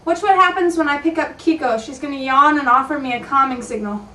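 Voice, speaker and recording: A woman's voice: high-pitched, fairly quick, sharp tone, a little hiss or hum. A woman dog trainer casually explaining and demonstrating yawns and sighs in a video lesson. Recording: echoey room, mic at a distance.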